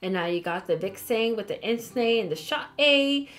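A woman's voice: fairly high pitch, animated, normal speed, fairly bright tone. A woman giving a casual Bible study, reading scripture aloud and adding chatty, apologetic asides. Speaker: Bible teacher.

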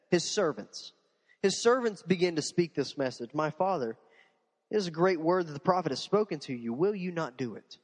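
A man preaching a sermon as a pastor, animated, with rhetorical questions and repeated phrases. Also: a little high, in a large hall. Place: church sanctuary.

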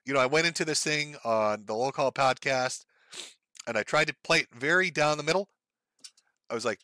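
A man's voice: medium pitch, normal speed, pushed and bright, dry recording. A man hosting a live stream, ranting in profane, sarcastic, mocking commentary. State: sore, says his throat gives out.

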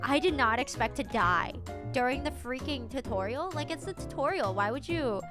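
Chatty high-voiced young woman streamer. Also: moderate pace. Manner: chatty and animated, with dramatic retellings. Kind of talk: casual chat with a guest. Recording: stream audio with background music.

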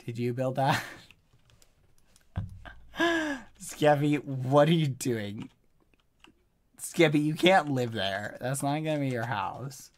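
A man chats through a live game stream, pleading and apologizing with sudden exclamations. His voice moves very freely up and down in pitch. He talks at a slow, unhurried pace. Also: very animated. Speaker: gaming streamer. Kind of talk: live-streamed gameplay chat.

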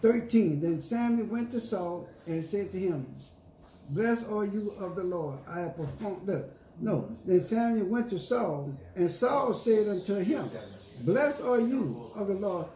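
A man's voice: high-pitched, animated, measured pace, warm tone, a little hiss or hum. Preaching man in an echoey church. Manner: preaching with scripture reading and call-and-response; emphatic, paraphrases scripture in casual slang. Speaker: pastor. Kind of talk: sermon. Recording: echoey room with faint ambience.

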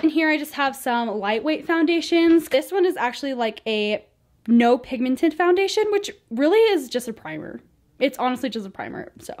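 Bubbly young woman chatting casually. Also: high-pitched. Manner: bubbly, chatty, lots of fillers like "like". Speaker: vlogger giving a room tour. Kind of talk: casual chat. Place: bedroom at home.

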